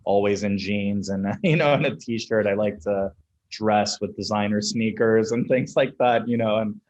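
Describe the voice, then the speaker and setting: Brief: young male founder from Venezuela, low-pitched, frank conversational guest. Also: steady tone, normal speed, darkish tone, highs cut off. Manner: casual, candid, laughs through anecdotes. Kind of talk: conversational interview.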